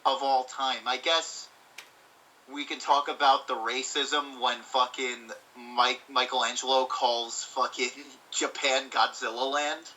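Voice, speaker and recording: A man's voice: medium pitch, fairly even intonation, measured pace, bright, forceful tone, far from the mic, poor audio. A man co-hosting a casual movie-review chat, swearing freely and acting out quotes. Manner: swears freely, acts out quotes in funny voices. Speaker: co-host.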